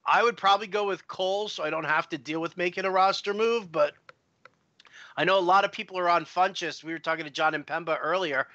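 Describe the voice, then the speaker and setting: A man co-hosting a fantasy football live stream, with a bright, fairly high voice and a jokey, teasing manner. The sound is dry and a little dull. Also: fairly quick, no echo. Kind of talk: casual live-stream chat. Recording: dry, slightly dull lo-fi audio.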